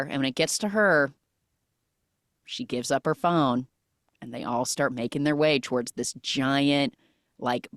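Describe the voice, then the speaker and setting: A woman hosting a podcast, recapping a film in a casual, animated way with lots of "like" fillers. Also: rumbling low, dry recording, clean studio sound. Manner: animated storytelling with frequent "like" fillers. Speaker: podcast host.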